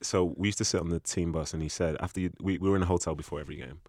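Young guy, deep voice, chatty storytelling, quick pace. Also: no room sound. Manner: relaxed anecdotal, often quoting with a low voice. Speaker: former footballer guest. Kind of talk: casual storytelling chat. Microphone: podcast mic.

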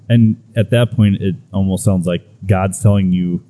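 A man's voice: sits low, slow, pauses often. A man hosting a podcast interview, casually affirming his guest and moving the show along. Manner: brief affirming interjections, relaxed. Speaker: podcast host.

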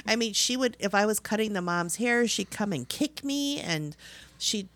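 A woman in casual chat, telling animated stories full of swearing and putting on voices when she quotes people. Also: medium pitch, moderate pace. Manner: animated storyteller, swears freely, puts on voices when quoting others; laughs often.

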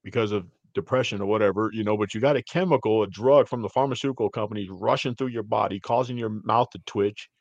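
A man's voice: lowish voice, quick pace, hardly any pauses, no room sound, lo-fi sound. A middle-aged man hosting a podcast, chatting casually and rambling through stories, sprinkling his talk with "man" and "dude". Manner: rambling, animated storytelling with frequent "man" and "dude". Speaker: podcast host. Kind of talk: casual chat.

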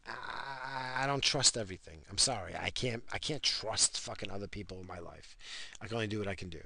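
Gravelly, profane man ranting. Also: fairly low pitch, a little fast, sharp tone, dry recording. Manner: profane, rambling, tipsy. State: drinking. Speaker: vlogger ranting to camera. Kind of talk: profane late-night rant.

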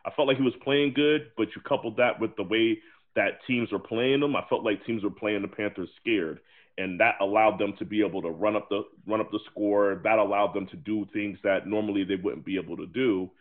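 A man's voice: on the low side, fairly quick. A man co-hosting a sports podcast, eagerly jumping in to make his points in casual chat. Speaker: podcast co-host. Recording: tinny phone-like line.

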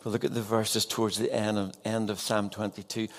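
A man's voice: lowish voice, little pitch movement, brisk. A man preaching an evening sermon as a pastor, earnest and putting direct questions to his congregation.

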